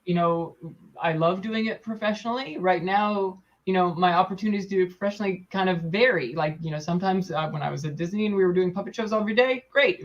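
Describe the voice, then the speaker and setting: A woman in her forties, a puppeteer guest in a casual interview, talking in an animated, chatty way, laughing often and restarting her sentences. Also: lowish voice. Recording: dull lo-fi sound.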